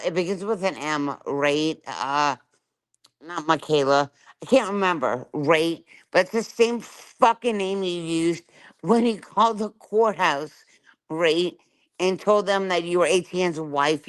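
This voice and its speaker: A woman's voice: on the low side, fairly bright tone. A middle-aged woman ranting angrily on her livestream, swearing and confronting someone, and keeps asking "right?". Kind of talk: angry live-stream rant.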